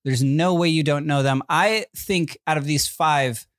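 A man's voice: a little high, unhurried, dry recording, clean studio sound. A man hosting a podcast, playfully teasing his co-host while running a movie quote game. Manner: playful, teasing, rambling with fillers. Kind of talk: casual chat, running a quiz game.

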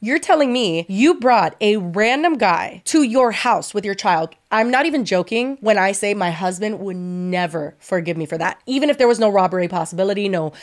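A woman's voice: mid-range voice, expressive, moderate pace, few pauses. Emphatic woman podcast co-host. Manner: emphatic, opinionated. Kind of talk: casual commentary chat.

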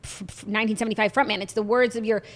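A woman's voice: fairly high pitch, fairly even intonation, very fast. A woman co-hosting a podcast, chatting casually about pop culture and reading out news items. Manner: chatty, agreeable, says "like" often. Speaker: podcast co-host.

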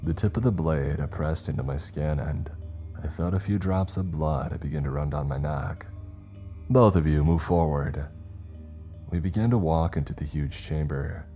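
A man narrating a scary story in a slow, measured, grave delivery. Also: a bass voice, warm tone, faint music behind. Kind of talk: scripted horror story narration.

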